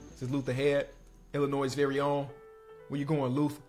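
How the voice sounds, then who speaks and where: A young man giving excitable live commentary while playing a basketball video game, swinging between hyped shouts and quiet muttering. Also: mid-range voice, normal speed, faint music behind. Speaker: gaming streamer.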